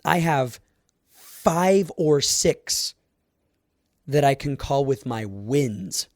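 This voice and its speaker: A man's voice: medium pitch, expressive, very slow, no echo, clean studio sound. A young man hosting a solo podcast, talking in a casual, rambling way with fillers and little laughs. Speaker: podcast host.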